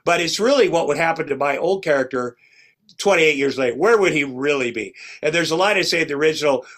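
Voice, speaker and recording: A middle-aged man on a podcast spins long anecdotes in casual chat. He rambles and restarts, then slips into the voices of the people in his stories. His voice sits a little high. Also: lively intonation, quick pace, a bit bright. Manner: rambling, restarts often, acts out quoted lines. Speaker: podcast guest.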